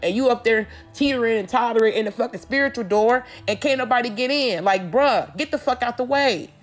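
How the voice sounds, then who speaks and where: A woman's voice: on the high side, fairly quick. A woman doing a casual tarot reading, talking bluntly and confrontationally with lots of swearing. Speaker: tarot reader.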